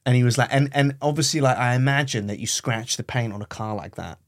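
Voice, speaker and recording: A man's voice: mid-range voice, fast talker, dry recording, clean studio sound. A man co-hosting a comedy podcast, telling stories in a rambling, giggly way. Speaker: podcast co-host. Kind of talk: comedic casual chat.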